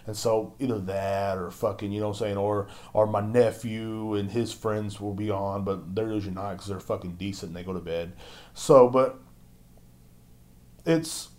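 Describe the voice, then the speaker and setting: A man's voice: fairly even intonation, normal speed, darkish tone. A young man hosting his own podcast, ranting with constant swearing and mocking other people in silly voices. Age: young adult. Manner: profane, ranting, mocks others in squeaky voices. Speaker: podcast host. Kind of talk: angry solo rant.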